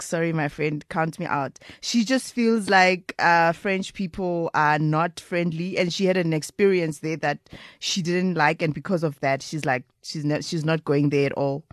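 A woman's voice: on the low side, steady tone, no room sound, studio quality. A woman hosting a casual chat, asking curious questions and teasing her guest. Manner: inquisitive, teasing, quick to laugh.

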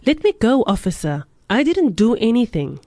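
A woman voicing a gruff, bitter homeless old man who growls and answers with sarcasm. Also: medium pitch, animated, moderate pace, a little mellow, no room sound, studio quality, lightly acted. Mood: angry.

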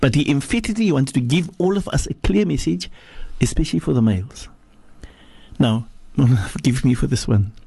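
A man's voice: animated, normal speed, vocal fry, warm tone, breathy edge, no room sound. A man from Africa, a sheikh giving a religious teaching on a radio talk show in an emphatic preaching manner. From South Africa. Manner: preaching, emphatic, swings from low to high. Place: radio studio.

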